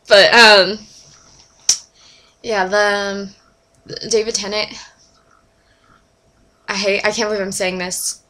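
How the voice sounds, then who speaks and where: A young woman with a bright, ringing voice talks excitedly into her camera. She gushes and chatters, sliding from hushed whispers up to high squeals as she shares her opinions. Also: slight background noise. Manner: gushing, chatty, fast shifts between whispers and squeals. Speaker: vlogger. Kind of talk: casual fan chat to camera.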